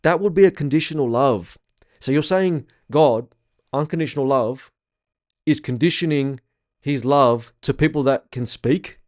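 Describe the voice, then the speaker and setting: A man's voice: medium pitch, measured pace, a little mellow. A young man teaching a spiritual workshop in a casual, blunt way, swearing freely and repeating his points with emphasis.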